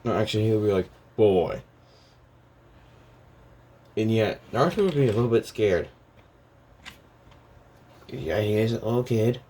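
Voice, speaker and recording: A man's voice: fairly low pitch, fairly even intonation, normal speed, pauses often, warm tone. A man casually talking through a story idea, hesitant and rambling, full of restarts and fillers.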